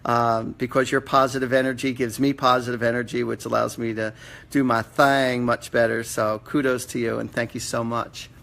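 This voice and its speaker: A man's voice: medium pitch, little pitch movement, moderate pace, gravelly, fairly bright tone. A man hosting a live-stream session, giving casual, blunt readings with some mild swearing. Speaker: psychic medium host. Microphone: computer or phone mic on a live stream.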